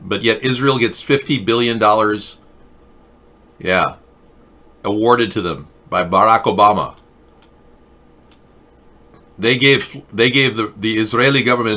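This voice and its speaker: A middle-aged man with a somewhat low voice, talking in a forceful, pressing tone. He hosts a talk show and rambles through a mock-earnest monologue, keeping a deadpan manner throughout.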